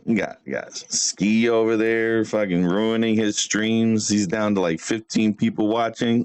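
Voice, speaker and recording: A livestream host with a medium-pitched voice talks casually and brashly to his chat, trash-talking a rival and laughing often, in a dry recording.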